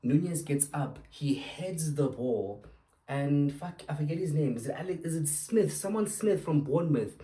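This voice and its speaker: A man's voice: a little high, normal speed, few pauses, dark tone. A young man hosting his own show, ranting angrily about football refereeing with lots of swearing and sarcastic outbursts. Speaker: podcast host. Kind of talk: angry football rant.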